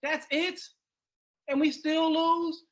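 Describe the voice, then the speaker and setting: A man's voice: very high voice, level tone, slow, a bit bright, lo-fi sound. A man co-hosting a casual sports podcast, emphatic and talking over his partner. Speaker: podcast co-host.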